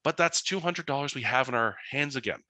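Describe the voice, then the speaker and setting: A man's voice: mid-range voice, brisk, dry recording. A man, a financial educator telling anecdotes in an online webinar presentation. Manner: animated anecdotal storytelling.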